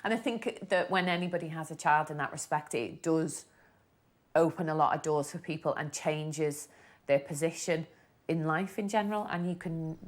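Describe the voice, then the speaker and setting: A woman speaking thoughtfully and in a measured way in an interview. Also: deep voice. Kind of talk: reflective interview.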